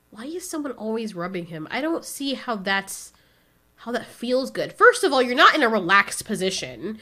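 A woman's voice: on the high side, very animated, normal speed, sharp tone. A woman giving a casual, sarcastic movie recap, nitpicking as she goes.

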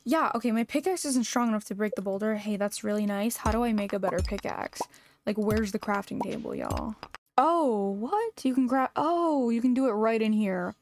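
A woman's voice: fairly high pitch, normal speed, a little mellow. Exasperated young woman gaming streamer. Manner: exasperated, jokey, talks back to the game. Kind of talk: casual let's-play commentary.

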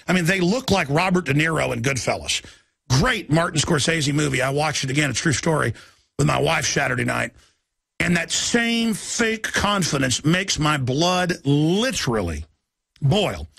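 A man's voice: on the high side, creaky, sharp tone, no room sound, studio quality. A man hosting a radio talk show, delivering a fiery political monologue, ranting and mocking opponents. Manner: ranting, mocking, shifts into impressions.

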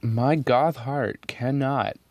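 A man hosting an ink swatching video, talking casually and excitably at his desk, swearing freely and switching between loud outbursts and muttered asides. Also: mid-range voice, slow pace, vocal fry, no echo. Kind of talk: casual narration while swatching inks. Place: at a desk indoors.

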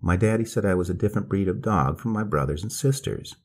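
A man voicing a soft-spoken, drawling male escaped convict, polite and slow. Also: sits low. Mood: calm polite.

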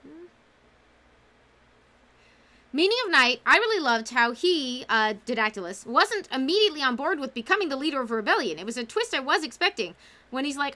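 A woman's voice: high-pitched, big pitch swings, brisk, pushed and bright. A woman hosting a casual livestream book club, talking enthusiastically and reading out chat comments.

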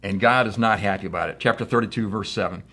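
A pastor, middle-aged and from the United States, preaches conversationally with a lowish, a-bit-bright voice at a quick pace. His sermon unfolds through stories and quotes he acts out.

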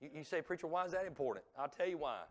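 A man preaching a revival sermon in a church, swinging from hushed, drawn-out lines to loud, shouted ones. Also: a little high, lively intonation. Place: church sanctuary.

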